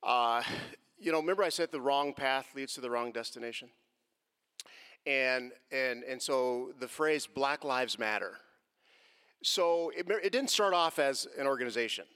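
A man's voice: medium pitch, unhurried, clear, resonant tone. Earnest man in an echoing hall. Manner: earnest, builds from quiet to impassioned. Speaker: speaker answering a question on faith and race. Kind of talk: earnest talk, answering a question. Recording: long hall reverb.

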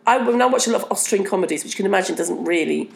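A woman's voice: mid-range voice, lively intonation, racing, gravelly. A woman from Britain co-hosting a casual chat, eagerly recommending films. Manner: enthusiastic, talks up films eagerly. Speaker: podcast co-host.

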